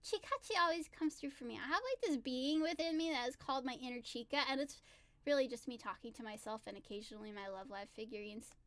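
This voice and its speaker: Very high, bright, excitable young woman. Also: fast talker, no room sound. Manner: excitable, giggly, gushing. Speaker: singer-songwriter streamer. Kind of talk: casual livestream chat.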